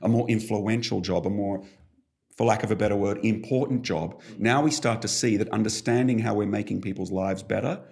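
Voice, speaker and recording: Gravelly low-voiced man telling stories. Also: a little fast. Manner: animated storyteller, emphatic. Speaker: guest, behavior coach. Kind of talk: podcast conversation.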